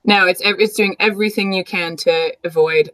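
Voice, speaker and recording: A woman's voice: fairly low pitch, steady tone, moderate pace, fairly bright tone, low-quality recording. A young adult woman from Canada, a teacher giving an interview in a chatty way, with frequent fillers and laughs. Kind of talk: casual conversational interview.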